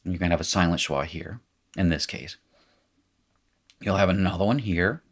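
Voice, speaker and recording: A man's voice: sits low, moderate pace. A man teaching a language lesson at a board, patiently drilling forms aloud with wry asides. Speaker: Hebrew teacher. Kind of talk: classroom lecture at a whiteboard.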